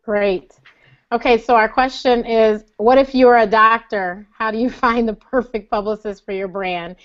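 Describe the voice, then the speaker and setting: A woman's voice: a little high, steady tone, normal speed. A woman hosting an interview, asking questions and affirming her guest's answers. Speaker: interview host. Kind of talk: casual interview. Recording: dull lo-fi sound.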